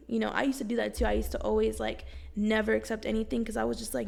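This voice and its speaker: A young woman vlogging from home, giving casual self-help talk to camera in a blunt, slangy, profane and animated way. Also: fairly high pitch, brisk, gravelly, hardly any pauses.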